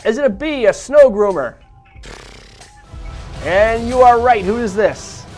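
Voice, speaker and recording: A man's voice: extremely high pitch, expressive, a little slow, darkish tone, soft background music. A man hosting a live morning show, upbeat and chatty, with rambling asides.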